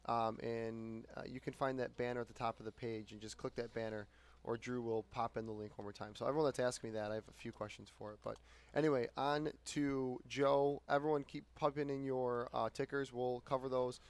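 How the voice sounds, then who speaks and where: A man's voice: mid-range voice, fairly even intonation, brisk, clean tone. A man hosting a morning market talk show, thanking a guest and reading out sponsor notes in a loose, filler-heavy way. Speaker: show host. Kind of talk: casual chat.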